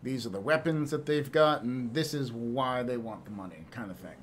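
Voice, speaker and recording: A man's voice: medium pitch, moderate pace, slight background noise. A man streaming and chatting casually with viewers, rambling and laughing often, with some swearing.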